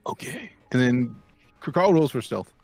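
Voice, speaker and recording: Casting: lively higher-voiced man, tabletop player, chatty and laughing, music faint behind. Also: quick pace. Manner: animated, laughing, drops low for his character's lines. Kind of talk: tabletop game play.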